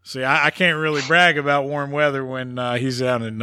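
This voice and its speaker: A man hosting a casual sports podcast, ranting with animated, theatrical emphasis. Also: mid-range voice, brisk, clean tone. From West Virginia. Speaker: podcast host.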